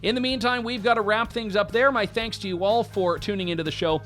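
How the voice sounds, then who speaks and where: A man's voice: high-pitched, fairly bright tone, soft background music. A man from Canada, host of an interview show, closing out a conversation and signing off in an earnest, chatty way. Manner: earnest, chatty, quick restarts.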